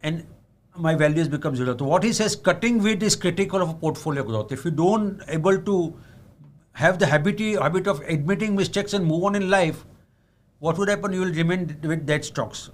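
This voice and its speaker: A man with an Indian accent teaches investing to an audience, switching between English and Hindi. His voice sits a little high, and he leans hard on key words, then lets his sentences fall away low. He keeps checking in with "am I right?". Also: fairly quick. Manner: earnest, asks "am I right?" often. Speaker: investment speaker. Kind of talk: seminar talk on investing.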